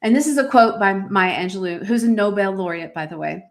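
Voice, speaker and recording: A woman hosts a motivational podcast, reading from her own journal with emphatic, preacher-style exhortations and frequent fillers. Her voice is medium-pitched and brisk.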